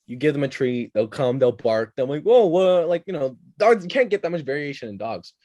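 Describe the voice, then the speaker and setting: A young man from Canada, a podcast guest chatting casually and telling animated stories with quick asides. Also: mid-range voice, no echo. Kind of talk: casual chat.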